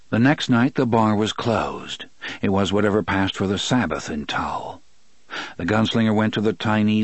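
Male narrator, low voice, dry close recording, measured read. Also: no echo. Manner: measured, even storytelling. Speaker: audiobook narrator. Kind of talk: scripted narration.

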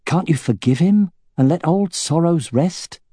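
A man's voice: on the high side, lively intonation, measured pace, mellow, dry recording, studio quality, pitched above the performer's own voice. A man voicing an earnest young male rider in an audiobook, in a slightly raised, pleading tone.

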